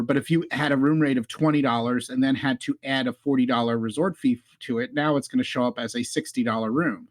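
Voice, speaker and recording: A man hosting a casual travel podcast, chatty and upbeat, throwing questions to his co-host. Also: medium pitch. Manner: chatty, upbeat, asks questions, hums sound effects.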